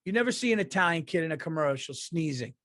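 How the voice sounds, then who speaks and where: A man's voice: fairly high pitch, animated, fast, fairly bright tone, no room sound, clean studio sound. A man in his thirties, a comedian hosting a casual solo podcast, rambling and profane, stuffy from allergies. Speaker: podcast host and stand-up comedian.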